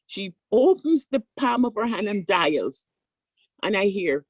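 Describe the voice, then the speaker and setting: An older woman, a surgeon, speaking on a conference panel and telling stories with animated voices for the people in them. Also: fairly high pitch, unhurried, breathy edge, no room sound, low-quality recording. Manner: animated storytelling, acting out voices in quotes.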